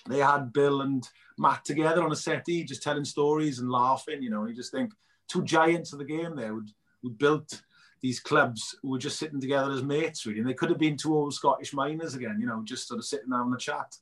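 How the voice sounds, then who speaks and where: Speaking a little fast in a mid-range, somewhat bright voice, a male documentary filmmaker chats casually as an interview podcast guest. He's an eager storyteller whose anecdotes are peppered with "you know" and other fillers.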